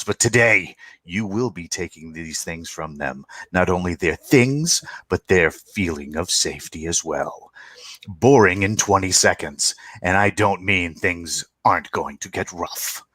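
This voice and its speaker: Stern woman pirate captain rallying her crew, read by a man, low voice, dry sound. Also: a bit bright, no room sound, heavily acted. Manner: grim, defiant speech over comms.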